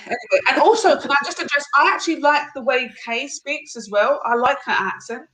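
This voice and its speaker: A woman's voice: high-pitched, brisk, sharp tone, poor audio. A woman chatting casually on a live panel, stumbling and restarting as she talks.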